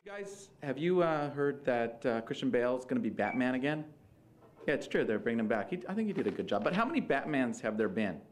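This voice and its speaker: A man's voice: medium pitch, sing-song, brisk, background noise. A male stand-up comedian in a conversational, musing set with some hesitant fillers.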